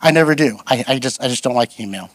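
A middle-aged man preaches a storytelling sermon as a guest pastor, talking fast in a medium-pitched voice with no room sound. Animated and self-deprecating, he tells funny personal stories and acts out other people's voices.

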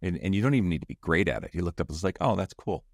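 A man's voice: sits low, expressive, racing, no room sound, clean studio sound. A man guest on a relationship podcast, animatedly acting out little everyday scenes to illustrate his points. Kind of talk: conversational storytelling.

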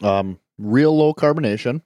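A man's voice: mid-range voice, normal speed, dark tone, no room sound. A man co-hosting a podcast, casually reading out and joking about beer tasting notes. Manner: jokey, reads tasting notes playfully. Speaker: podcast co-host reviewing beer. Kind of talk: casual chat.

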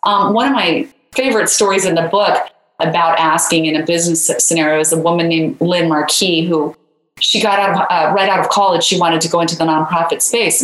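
Low woman's voice, guest author, chatty storytelling full of fillers, roomy echo. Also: fairly bright tone. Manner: conversational, many "you know" fillers. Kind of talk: interview storytelling.

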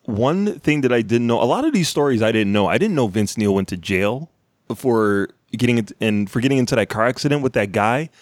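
A man co-hosting a podcast in casual chat, enthusiastic and animated, swearing freely. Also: medium pitch, fairly quick, dry recording, clean studio sound. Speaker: podcast co-host.

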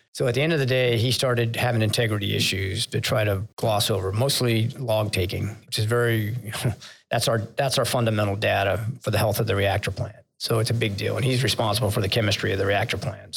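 A man's voice: lowish voice, vocal fry. An older man, a retired naval officer, telling candid leadership stories in an interview, laughing at himself and getting choked up. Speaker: retired vice admiral, podcast guest. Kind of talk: conversational storytelling interview.

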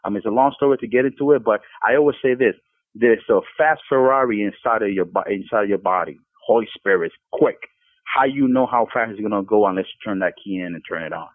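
A man's voice: lowish voice, quick pace, dry recording. A man speaking as a podcast guest, giving an earnest Christian testimony with frequent stumbling restarts. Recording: tinny phone line.

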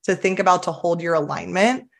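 A woman's voice: lowish voice, fairly quick, gravelly. A woman, a therapist, explaining her approach in a casual, earnest and upbeat podcast interview. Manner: earnest, upbeat, enthusiastic coaching tone. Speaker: somatic attachment therapist, guest.

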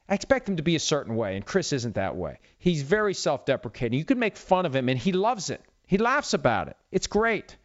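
Animated self-mocking man in his fifties. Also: fairly high pitch, no room sound, lo-fi sound. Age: 50s. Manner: rambling, self-mocking, opinionated. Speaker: sports radio podcast host. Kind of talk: solo talk show monologue.

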